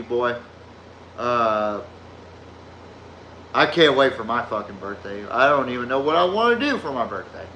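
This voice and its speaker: A slow, unhurried man with a deep Southern drawl hosts a laid-back sports podcast. His voice is bright and forceful, and he wanders through loose, swear-heavy stories. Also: a little hiss or hum. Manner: rambling, profane storytelling. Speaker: podcast host. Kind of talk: casual sports podcast chat.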